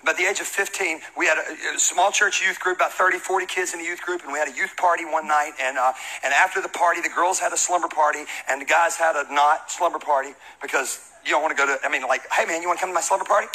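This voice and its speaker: A pastor with a fairly high-pitched voice preaches to his congregation quickly and with few pauses, though the audio is poor. He tells a comic story animatedly, acting out the voices of its characters, laughing and shouting along the way.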